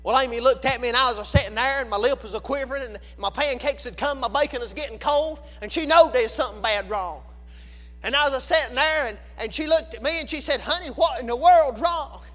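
A man preaching with a very high voice and a drawl. He moves between fervent shouting and quiet, hushed passages. The sermon echoes through a large hall on a dull, lo-fi recording. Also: fast, faint music behind. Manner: fervent, rises into shouts and drops to a hush.

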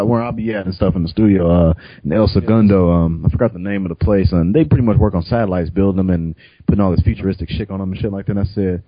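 A man's voice: lowish voice, no room sound, highs cut off. A man co-hosting a podcast, telling profane stories and acting out the quotes with lots of laughter. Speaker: podcast co-host. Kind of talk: casual chat.

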